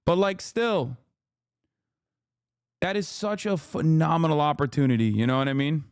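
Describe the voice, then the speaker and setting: A male streamer rants on a live stream in an animated, sarcastic, profane way. His voice is smooth and resonant, and the sound is close and dry. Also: on the high side, normal speed, no room sound.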